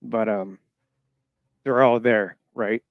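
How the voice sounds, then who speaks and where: A man in his thirties from Florida, calling in to a show and haltingly telling a personal story full of fillers. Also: on the low side, fairly even intonation, dry recording, phone-quality sound. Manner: halting, emotional, many fillers. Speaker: caller. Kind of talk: casual storytelling. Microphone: call-in line.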